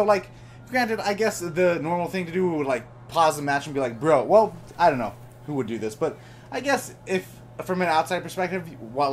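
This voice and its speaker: Young guy vlogging a storytime, excitable and slangy, kinda high voice, says bro a lot. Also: slight background noise. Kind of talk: casual storytime monologue.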